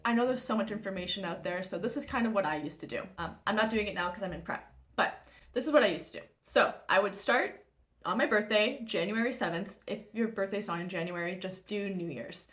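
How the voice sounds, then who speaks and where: A woman competing in bodybuilding, telling a story and giving diet tips in a chatty, animated way that swears freely. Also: medium pitch, brisk. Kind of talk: casual storytelling vlog.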